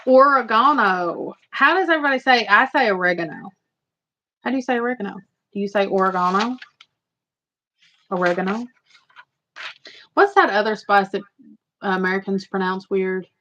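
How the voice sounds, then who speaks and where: A woman's voice: medium pitch, fast talker, sharp tone, a little hiss or hum. A woman hosting a casual livestream, chatting and rambling to her viewers. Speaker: livestream host. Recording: slightly muffled lo-fi audio.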